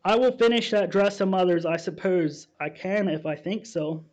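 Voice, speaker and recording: A man's voice: sits high, normal speed, darkish tone, natural voice. A man reading as Helen, an earnest young woman. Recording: dull, muffled sound.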